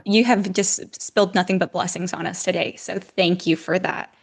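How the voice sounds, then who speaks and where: Woman interviewer with a gravelly voice. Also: lowish voice, fairly even intonation, normal speed. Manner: effusive and praising.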